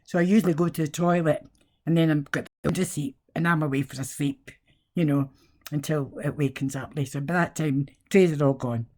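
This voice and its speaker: A woman's voice: deep voice, steady tone, fairly quick, a little mellow. An older woman with a Scottish accent, a nurse telling chatty stories to camera that turn into indignant outbursts. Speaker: retired nurse vlogger. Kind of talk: rambling political monologue to camera.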